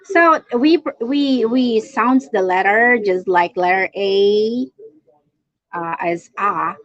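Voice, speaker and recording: A woman's voice: medium pitch, takes it slowly, fairly bright tone, muffled recording. A woman from the Philippines with a Filipino accent, chatting casually on a live stream and greeting her viewers. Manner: chatty, greets viewers and reads their comments aloud.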